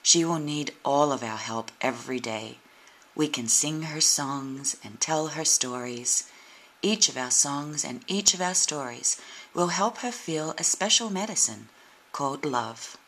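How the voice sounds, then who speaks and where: A woman voicing a wise, gentle tree wizard in a children's storybook, slow and comforting. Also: low voice, rough recording. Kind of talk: storybook reading.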